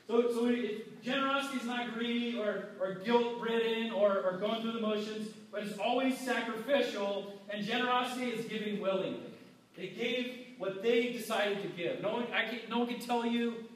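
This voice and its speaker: A man preaching a sermon as pastor, talking casually and acting out quoted people. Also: high-pitched. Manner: conversational preaching, acts out quotes. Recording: echoey hall from far off.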